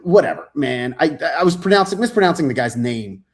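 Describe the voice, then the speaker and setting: A man's voice: fairly high pitch, a little fast. A man, an author guest in a casual interview, telling stories loosely with many fillers, acting out quotes and swearing freely. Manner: animated storyteller, acts out quotes, swears freely.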